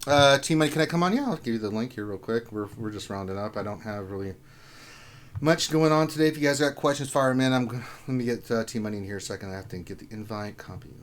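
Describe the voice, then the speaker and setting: A man's voice: medium pitch, quick pace. Chatty man hosting a gaming stream. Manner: excitable, reads viewer questions. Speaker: livestream host. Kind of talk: casual gaming chat.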